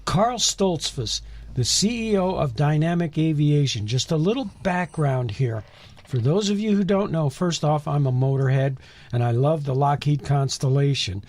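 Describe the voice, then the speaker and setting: An enthusiastic man co-hosting a live radio show, introducing his guest with plenty of eagerness. His voice sits fairly high for a man. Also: expressive, normal speed, darkish tone, dry recording. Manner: enthusiastic, chatty. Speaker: radio co-host.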